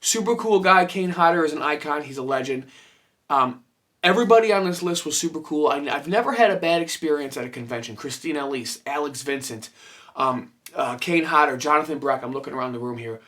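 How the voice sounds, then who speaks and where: A man's voice: a little high, fairly quick. A man vlogging about his horror collectibles, telling stories casually, with lots of swearing and quoted back-and-forth. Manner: animated, swears freely, lots of fillers and quoted dialogue. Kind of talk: casual storytelling to camera. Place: room full of his collection.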